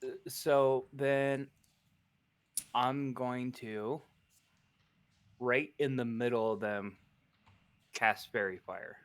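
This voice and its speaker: A man's voice: mid-range voice, very slow, pauses often. A man playing a tabletop game, casually planning his moves with the others. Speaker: player.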